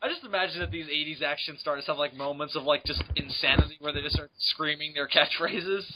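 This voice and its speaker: A man's voice: fairly high pitch, background noise. A man co-hosting a podcast over a voice call, joking and swearing in casual comedic chat. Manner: joking, swearing, quick laughs. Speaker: podcast co-host.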